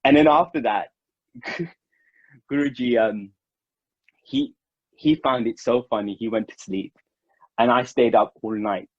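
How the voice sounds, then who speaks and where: A man from Mauritius telling stories in a relaxed, informal way, laughing now and then and calling people "bro". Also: mid-range voice, measured pace, long pauses, dry recording. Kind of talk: casual storytelling. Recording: dull lo-fi dry sound.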